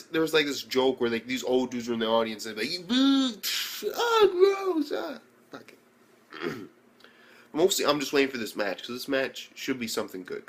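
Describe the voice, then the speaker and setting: A man's voice: medium pitch, fairly bright tone. A man giving a casual, rambling video review of an anime, swearing constantly and acting out the scenes as he goes. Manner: profane, rambling, acts out scenes.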